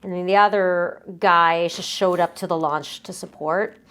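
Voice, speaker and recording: Hesitant young woman, soft laughs. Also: on the low side, fairly even intonation, unhurried, smooth. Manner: hesitant, many fillers and restarts, soft laughs. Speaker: singer, interview guest. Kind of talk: casual interview chat.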